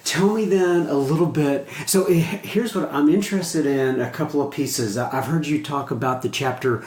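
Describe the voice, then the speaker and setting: A man's voice: on the high side, moderate pace, a little mellow. An American man hosting an interview, affable with joking asides. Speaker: podcast host. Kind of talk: casual interview. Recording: roomy echo.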